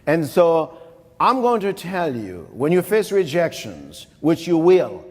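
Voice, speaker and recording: A middle-aged Haitian-accented man from Haiti speaks slowly in a slightly rough voice on the high side, with huge pitch swings. His motivational keynote is full of stories, repeated phrases for emphasis and direct address to listeners, recorded live in an echoing hall.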